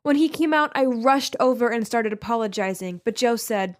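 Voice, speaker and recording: A woman's voice: on the high side, moderate pace, hardly any pauses. Young woman narrating a first-person story. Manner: reads quoted classmates, teacher and friend in her own voice with small shifts.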